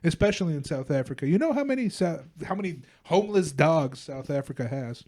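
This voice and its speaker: A man's voice: on the high side, sing-song, a little mellow. A man co-hosting a comedy podcast, joking and mocking in casual, profane banter. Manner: joking, mocking, profane, puts on quick voices. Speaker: podcast co-host.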